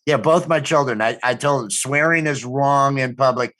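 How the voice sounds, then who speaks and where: A man's voice: mid-range voice, normal speed, fairly bright tone. A middle-aged man co-hosting a podcast, telling rambling, profane family stories in casual chat with lots of restarts. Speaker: podcast co-host.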